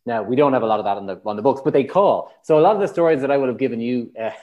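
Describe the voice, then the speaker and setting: A man's voice: mid-range voice, rapid-fire, highs cut off. A man with an Irish accent, a matchmaker guest on a podcast, telling candid stories and acting out his clients' lines. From Ireland. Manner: animated storyteller, acts out clients' lines. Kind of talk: candid conversational interview.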